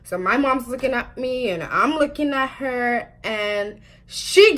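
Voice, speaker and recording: A woman in her twenties telling a storytime vlog, talking quickly and chattily with lots of "like" fillers and frequent laughs. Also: a little high, animated, a bit bright, slight background noise. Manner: chatty and fast, full of "like" fillers, laughs often. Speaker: vlogger.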